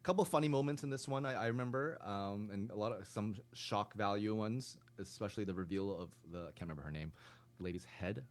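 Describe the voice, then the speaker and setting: A man's voice: lowish voice, a little fast. A man co-hosting a podcast, rambling in casual chat with many fillers. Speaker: podcast co-host.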